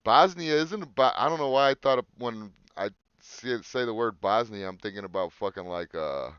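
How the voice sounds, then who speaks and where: A man's voice: fairly low pitch, expressive, moderate pace, fairly bright tone, smooth, no room sound, highs cut off. A man co-hosting a casual podcast, joking crudely and reading facts aloud off a screen. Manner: crude, joking, swears freely. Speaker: podcast co-host.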